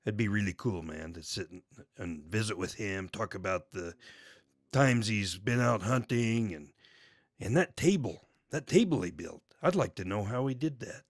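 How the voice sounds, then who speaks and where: A man's voice: on the low side, animated, moderate pace, no room sound, clean studio sound. A man voicing a laid-back hippie co-host with an easygoing, drawling way of talking. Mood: mellow. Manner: drawling, easygoing, says "man" and "stay cool". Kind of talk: casual show sign-off.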